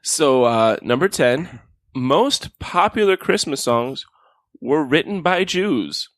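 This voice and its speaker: A man's voice: a little high, takes it slowly, dry recording. Casual man co-hosting a podcast, dry mic. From Miami. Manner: animated storytelling with playful character voices. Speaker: podcast co-host presenting a list. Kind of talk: casual chat.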